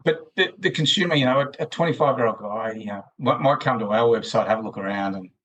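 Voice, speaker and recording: A man's voice: mid-range voice, quick pace, fairly bright tone, rough recording. A man with an Australian accent, a podcast guest talking at length in a loose, rambling way full of restarts. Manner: rambling, many restarts and fillers. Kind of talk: casual interview chat.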